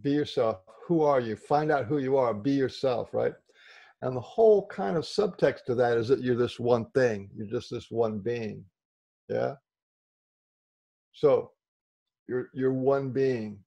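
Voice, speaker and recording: A man's voice: mid-range voice, unhurried, vocal fry, dark tone. Man explaining ideas to a group. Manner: explanatory, checks in with listeners often. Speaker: workshop speaker. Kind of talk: group discussion talk.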